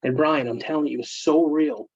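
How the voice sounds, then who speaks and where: A man, a military veteran guest, telling personal stories in a casual interview, earnest and emotional with halting fillers. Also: fairly high pitch, fairly even intonation, darkish tone, slightly rough, no echo. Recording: dull, dry remote call audio.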